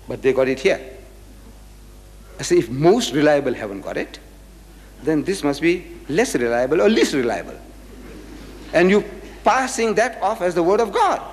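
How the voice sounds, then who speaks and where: An older man from South Africa giving an emphatic religious lecture, firing rhetorical questions at his audience. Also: on the high side. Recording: hall with long reverb.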